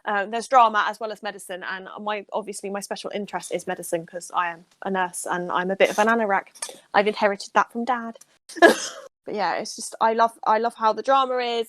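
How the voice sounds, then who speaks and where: Chatty nurse co-host, eager and rambling, recorded dry. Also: female voice, medium pitch, fairly bright tone, dry recording. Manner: enthusiastic, rambling. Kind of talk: casual chat.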